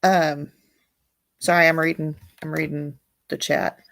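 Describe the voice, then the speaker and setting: A woman's voice: low voice, flat delivery, measured pace, vocal fry, a bit bright. A woman hosting a casual livestream, reading viewer comments aloud and chatting bluntly, with frequent swearing and laughter. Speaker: livestream host.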